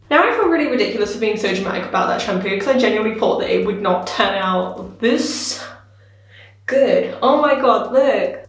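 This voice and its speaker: A young woman reviewing a hair product in a casual home vlog. She talks in a chatty, self-dramatizing way, with lots of filler words. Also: fairly high pitch. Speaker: beauty vlogger. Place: bathroom at home. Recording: very echoey bathroom.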